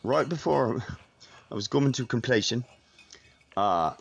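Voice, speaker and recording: A man improvising a crude comic monologue in a voice message, rambling and bursting into whiny shouts. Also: mid-range voice, animated, unhurried, creaky, long pauses, dull audio, slight background noise. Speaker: voice message caller.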